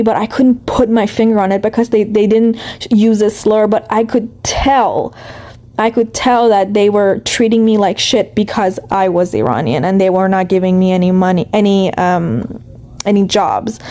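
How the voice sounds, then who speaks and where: Woman from Iran, mellow tone, earnest and halting. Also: medium pitch. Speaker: personal testimony. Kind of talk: reflective personal account.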